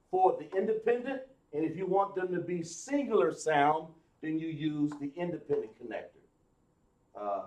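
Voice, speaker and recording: A man teaching a live class, explaining slowly, with many fillers and restarts. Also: on the high side, a little mellow, roomy sound. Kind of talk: live online class lesson.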